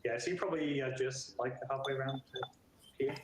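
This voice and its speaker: A man's voice: mid-range voice, a little fast. Australian man running a tabletop game. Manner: relaxed, filler-heavy narration with brief character voices. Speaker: dungeon master. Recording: echoey room with faint noise.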